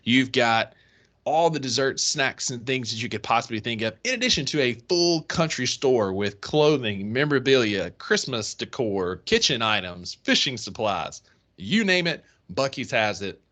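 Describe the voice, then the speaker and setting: A man's voice: medium pitch, expressive, normal speed, sharp tone. A young man with a Northeast Mississippi country accent, co-hosting a casual sports podcast and teasing his friend with easy laughter. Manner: laughs often, teasing banter. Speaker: podcast co-host.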